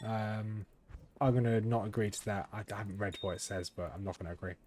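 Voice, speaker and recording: A man's voice: fairly low pitch, quick pace. A young man giving live commentary while streaming a game, thinking aloud in a chatty way with frequent ums and restarts. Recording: steady background noise.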